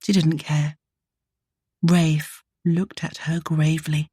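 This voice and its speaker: Low, husky woman narrating romance. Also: flat delivery, slow pace, dark tone, dry recording, clean studio sound. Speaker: audiobook narrator.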